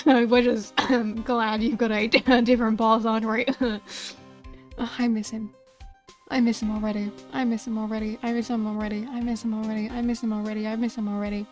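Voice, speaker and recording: A woman's voice: on the high side, little pitch movement, brisk, soft background music. A woman with a South Australian accent, chatting casually while playing a game. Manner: chatty, repeats herself playfully. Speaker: streamer. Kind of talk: casual gameplay commentary.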